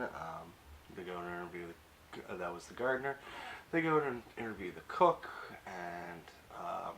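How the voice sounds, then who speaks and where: Rambling young man with a lowish voice. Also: animated, moderate pace, fairly bright tone, slight background noise, rough recording. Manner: rambling, hesitant, many fillers; offhand, wry asides. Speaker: YouTube recap reviewer. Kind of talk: casual episode recap.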